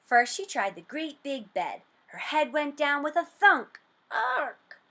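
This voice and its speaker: A woman reading a storybook aloud for children, slow, expressive and sing-song, then asking comprehension questions. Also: sits high.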